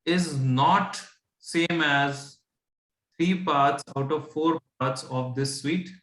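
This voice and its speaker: A man's voice: a little high, slow pace, a bit bright, reverberant. A man with an Indian English accent patiently teaching fractions, often stopping to check that his student follows. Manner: patient, asks checking questions, mixes English and Hindi. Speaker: tutor. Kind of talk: explaining fractions.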